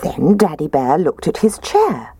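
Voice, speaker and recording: Woman reading a bedtime story, low gravelly voice, slow and very expressive, dry close sound. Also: no echo. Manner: expressive, playful character voices.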